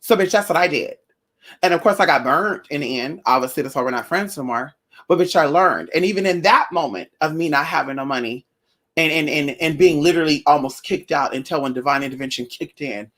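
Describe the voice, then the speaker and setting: A woman vlogger talking straight to her viewers about her own life, blunt and animated. She swears freely and keeps calling her listeners y'all, girl and honey. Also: low-pitched, brisk. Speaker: spiritual vlogger. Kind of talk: casual personal storytelling to viewers.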